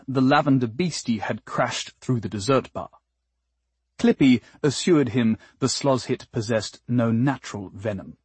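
A man narrating an audiobook in a husky tone. He delivers the story with wry, dry comic timing. The recording is close and dead, with no room sound. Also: medium pitch, no echo. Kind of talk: expressive scripted narration.

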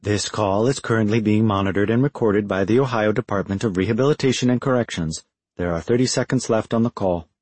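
A man's voice: fairly low pitch, brisk, slightly rough, no echo. A man reading a droning automated phone announcement. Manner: flat, droning.

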